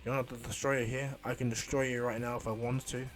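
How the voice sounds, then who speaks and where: A man's voice: mid-range voice, level tone, fairly quick, faint music behind, close to an everyday voice. A man voicing a stern, menacing god of destruction. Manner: stern, threatening. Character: arrogant godlike male destroyer warrior.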